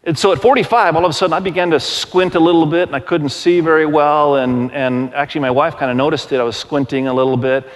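A man in his forties preaching a sermon to his congregation, telling stories in a conversational, animated way and asking the crowd questions. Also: on the high side, fast, hardly any pauses. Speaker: pastor. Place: large church auditorium. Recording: long hall reverb.

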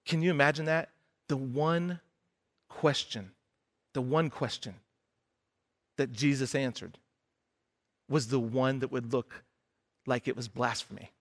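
A man's voice: mid-range voice, fairly even intonation, a little slow, long pauses. A man preaching a sermon, retelling a scripture story in a conversational way and acting out the characters' lines.

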